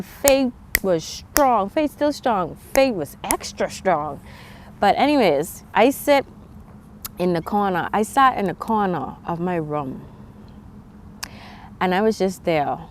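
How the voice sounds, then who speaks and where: A young woman with a Bahamian accent talks straight to her viewers, telling her own story in a loose, candid way. She restarts sentences and breaks off to address the audience. Her voice sits in a middle pitch. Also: darkish tone. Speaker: vlogger. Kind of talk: personal storytelling to camera.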